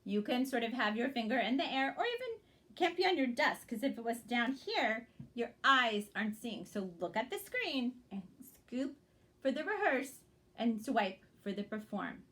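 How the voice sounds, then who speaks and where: A woman's voice: fairly high pitch, big pitch swings, moderate pace, a bit bright. A woman teaching young children to blend word sounds in a reading lesson, speaking patiently and encouragingly and checking in often.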